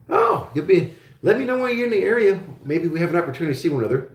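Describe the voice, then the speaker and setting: A man's voice: high voice, very animated, rapid-fire, vocal fry, roomy sound. A man from Germany hosting a casual live-stream chat with viewers, friendly and rambling, with many fillers and restarts. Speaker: show host.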